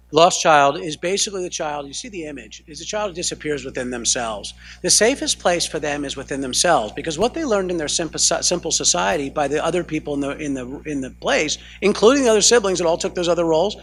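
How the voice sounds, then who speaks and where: This American counselor talks fast with few pauses while teaching a family training session as a lecture to a live audience. His voice sits on the high side, a bit bright and slightly rough, with lively intonation, and he often checks in with "right?" and revises himself mid-sentence.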